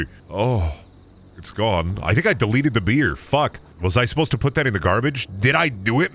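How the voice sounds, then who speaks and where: Goofy, lively young streamer man. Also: on the low side, brisk, slight background noise. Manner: goofy, crude, talks to chat. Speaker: gaming streamer. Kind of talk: casual game commentary.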